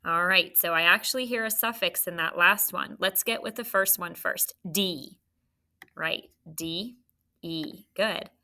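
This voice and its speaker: Slow, bright-voiced woman teaching phonics. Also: fairly low pitch. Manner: slow, patient, encouraging, sounding out letters. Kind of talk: phonics lesson for young children. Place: classroom.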